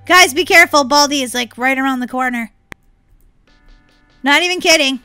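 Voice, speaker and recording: A woman giving excited gameplay commentary as a channel host, squealing, laughing and crying out in bursts of panic. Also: sits high, normal speed, dry recording, soft background music. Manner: squealing, laughing, breathless exclamations.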